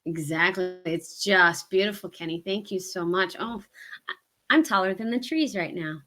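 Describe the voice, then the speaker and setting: A woman's voice: lowish voice, normal speed, a bit bright. A woman with a Southern US accent co-hosting a hiking livestream, chatting casually and rambling with many ums. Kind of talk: casual live-stream chat.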